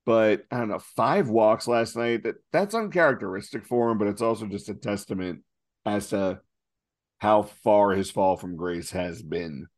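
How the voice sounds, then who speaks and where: A man's voice: fairly low pitch, moderate pace. A man co-hosting a podcast, talking through baseball stats in a casual, exasperated way with many fillers. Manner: stat-heavy, exasperated, filler-laden. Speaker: podcast co-host. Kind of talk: casual sports chat.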